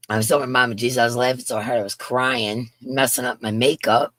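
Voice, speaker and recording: A woman's voice: rumbling low, little pitch movement, normal speed, a bit bright, no echo. A middle-aged woman hosting a crochet livestream from her yarn room at home, chatting casually and greeting viewers by name with bubbly, swooping call-outs, picked up by her computer's built-in mic. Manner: bubbly, calls out names with big upward swoops. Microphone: computer's built-in microphone.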